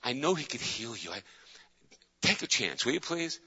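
A man's voice: mid-range voice, very animated, moderate pace, sharp tone, slightly rough, full character voice. A man voicing a humble servant earnestly pleading with his master, in a sermon retelling. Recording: dull lo-fi with long hall reverb.

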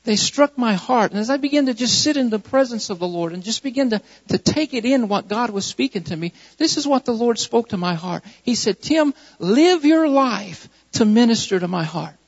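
A man's voice: extremely high pitch, animated, fairly quick, few pauses, long reverb tail, lo-fi sound. A male pastor preaching a sermon, repeating key phrases with rising emphasis.

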